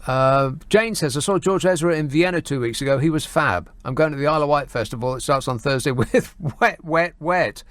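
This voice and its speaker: A man hosting a radio phone-in, sardonic and quick as he reads out listeners' messages and banters with callers. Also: fairly high pitch, fairly bright tone, no room sound, clean studio sound.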